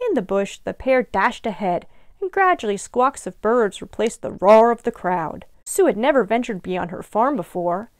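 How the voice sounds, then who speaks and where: A woman librarian reading a picture book aloud to young children in an expressive, animated way. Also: medium pitch, moderate pace, dry recording, studio quality. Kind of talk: children's storytime read-aloud.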